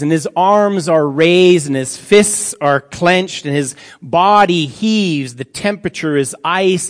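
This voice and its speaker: Male preacher, slightly high voice, unhurried and grave, sermon in a reverberant church hall. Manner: slow, solemn reading with dramatic drops to near-quiet.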